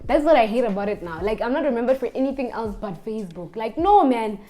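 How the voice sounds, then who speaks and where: A young woman, telling a casual storytime vlog in an animated way. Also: fairly high pitch, fast talker. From Botswana. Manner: animated storyteller, acts out the people she quotes. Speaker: vlogger.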